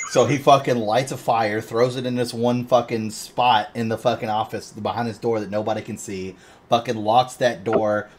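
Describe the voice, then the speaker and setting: Male podcast co-host, mid-pitched, animated and profane storyteller who keeps breaking into laughter; faint background noise. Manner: animated storyteller, swears constantly, laughs often. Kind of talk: casual chat.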